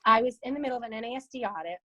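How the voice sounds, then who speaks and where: A woman of around fifty, a guest in an interview, telling a story in a casual, lively way and sometimes swearing. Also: fairly high pitch, rapid-fire, dry recording, low-quality recording. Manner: lively storyteller, swears, quotes people in voices. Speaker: guest, founder and CEO of a broker-dealer.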